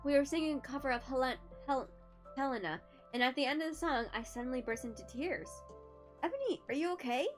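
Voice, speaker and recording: A woman's voice: sits high, quick pace, soft background music. A young woman streamer reading a story aloud for comic effect, amused and breaking into asides.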